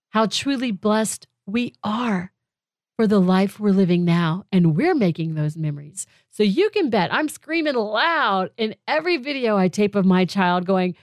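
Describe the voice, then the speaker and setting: A middle-aged woman talks through a personal monologue on her podcast. She is heartfelt and emphatic, leaning on repeated phrases, at an everyday pitch for a woman. The recording is dry, with little room sound. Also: no echo. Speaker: podcast host.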